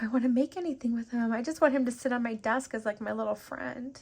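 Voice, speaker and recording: A woman hosting a casual jewelry-making vlog, gushing and excitable, chatting to viewers as she unboxes beads. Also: fairly high pitch, fast talker, few pauses. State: teary and sniffly after sneezing. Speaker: jewelry-making channel host.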